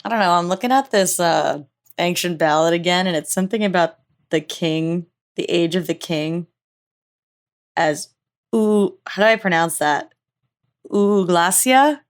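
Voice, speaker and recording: A woman playing in a tabletop game, expressive and full of questions, narrating her character's actions. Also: on the low side, moderate pace. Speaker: player. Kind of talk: tabletop role-play.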